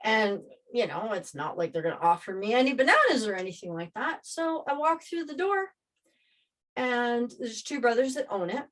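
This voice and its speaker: A woman casually telling a personal story, rambling and animated as she re-enacts scenes. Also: on the high side, moderate pace.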